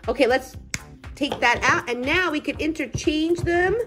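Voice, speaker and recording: A woman toy blogger chatting casually at home as she unboxes toys, gushing and gasping with excitement. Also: sits high, moderate pace, soft background music. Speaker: toy collector and parent blogger.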